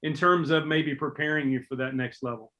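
A male co-host with a fairly high voice asks his questions casually and hesitantly, dropping in frequent fillers as he goes. The conversation feels loose rather than scripted. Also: fairly even intonation, bright, forceful tone, lo-fi sound. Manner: casual, hesitant, fills pauses often. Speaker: interviewer.

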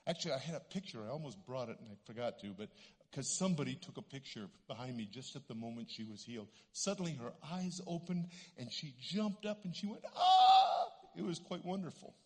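A middle-aged Canadian man, a guest preacher, delivers a sermon in a church sanctuary, telling stories animatedly and acting out the voices in them. His voice is mid-range, fast and slightly rough. Long church-hall reverb surrounds him.

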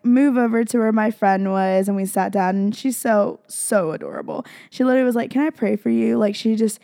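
A young woman hosts a podcast in a casual, confessional chat, gushing and rambling with lots of "like" and "freaking." Her mid-range voice is warm with vocal fry, recorded in studio quality with no echo.

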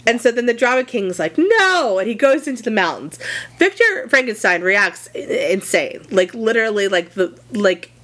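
A woman's voice: mid-range voice, normal speed. Chatty, profane young woman podcaster. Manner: animated, profane, lots of fillers and asides. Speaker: podcast co-host. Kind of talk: casual chat, retelling a story.

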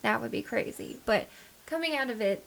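A woman's voice: a little high, expressive, normal speed, vocal fry, fairly bright tone. A woman co-hosting a podcast, talking frankly and chattily about her own experiences. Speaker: podcast co-host. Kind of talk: casual chat.

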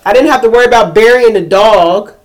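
A woman co-hosting a podcast, telling a story in casual chat, animated and emotional, sometimes breaking into yelling. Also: on the high side, fairly quick. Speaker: podcast co-host.

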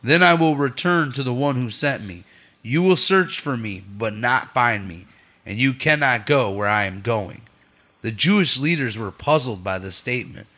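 A man's voice: medium pitch, lively intonation, moderate pace, pushed and bright. A man leading his family's Bible study at home, reading scripture aloud and stopping for chatty asides to his listeners. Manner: reads steadily, adds chatty asides to the listeners.

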